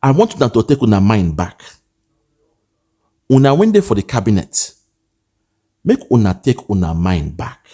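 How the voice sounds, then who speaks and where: A Nigerian-accented online commentator preaches through a political monologue, circling back to his points and slipping into pidgin. His dark voice sits on the low side, swooping wildly in pitch at a moderate pace with frequent pauses.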